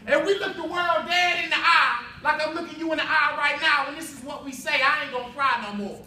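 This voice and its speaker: A man giving an impassioned spoken word performance at a youth summit, building rhythm through repetition and shouting at the peaks. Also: extremely high pitch, steady tone, a little fast. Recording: echoey hall from far off with faint ambience.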